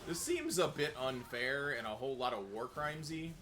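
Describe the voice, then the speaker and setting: Bright-voiced man chatting over a game. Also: mid-range voice, lively intonation, moderate pace, slight background noise. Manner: wry, explains game lore at length. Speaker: streamer playing a game. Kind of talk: casual gaming chat.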